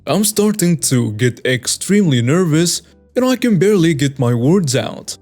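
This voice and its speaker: A man's voice: mid-range voice, animated, normal speed, darkish tone, soft background music. Man steadily reading stories aloud. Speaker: story narrator.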